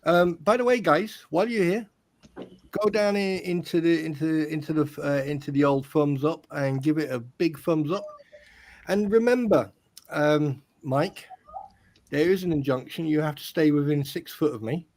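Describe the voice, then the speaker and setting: A man hosting a casual livestream chat, joking and animated. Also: a little high, normal speed. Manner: joking, animated, drops into silly voices. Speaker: host.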